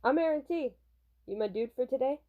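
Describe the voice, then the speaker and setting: A woman's voice: high-pitched, expressive, fairly quick, narrow, tinny audio. A woman voicing a brash, cheerful young male pop star with a put-on Southern drawl, as she reads from a comic. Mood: breezy.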